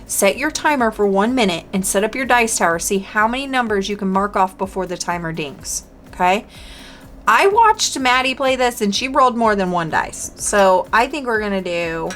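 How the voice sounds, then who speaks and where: A woman hosting a budgeting channel, chatting casually to camera while playing a dice game, talking to herself and counting aloud. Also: medium pitch.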